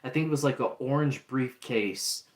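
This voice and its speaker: A man talks through a show review in a loose, chatty way, full of fillers and restarts. His pitch sits in the middle. The room around him gives a noticeable echo. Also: normal speed. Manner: chatty, many fillers and restarts, acts out quotes. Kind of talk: casual review talk. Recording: roomy echo.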